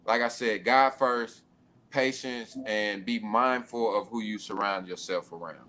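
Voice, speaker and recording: A young man with a fairly low voice talks over his advice in a laid-back, casual panel discussion. He speaks plainly and checks in often with his listeners. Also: unhurried, sharp tone. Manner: laid-back, often says "you know what I mean". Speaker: panel guest.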